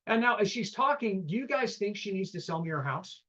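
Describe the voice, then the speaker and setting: A man's voice: high voice, expressive, fairly quick, a bit bright, lo-fi sound. A man teaching a live real estate seminar, telling stories and acting out both sides of phone calls, often asking the room questions.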